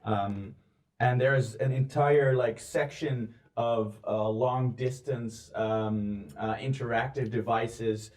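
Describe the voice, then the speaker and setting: A man narrating as game master of a tabletop game, pausing often and filling gaps with ums and likes. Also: mid-range voice, fairly even intonation, darkish tone. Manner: hesitant, filler-heavy narration.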